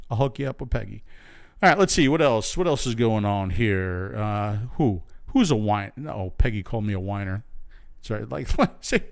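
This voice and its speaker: A man's voice: medium pitch, moderate pace, clean tone. Man, American, live-stream host, casual chat, rambling, lots of fillers and restarts. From United States. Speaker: show host.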